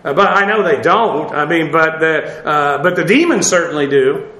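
A man's voice: on the high side, lively intonation, normal speed, pushed and bright, roomy sound, poor audio. A man giving an informal Bible study, talking in a rambling, conversational way with many fillers and restarts. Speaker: Bible teacher.

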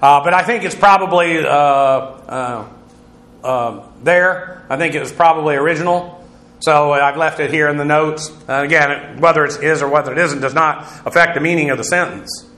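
A man teaching a verse-by-verse Bible lesson on the Greek text, lecturing with many "uh" fillers as he pauses to repeat and rephrase. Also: on the high side, sharp tone, reverberant, rough recording.

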